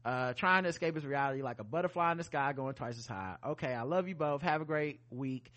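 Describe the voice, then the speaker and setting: A man's voice: medium pitch, fairly quick, a bit bright. A man co-hosting a podcast, reading listener emails aloud with joking asides. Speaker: podcast co-host. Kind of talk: casual podcast chat reading listener mail.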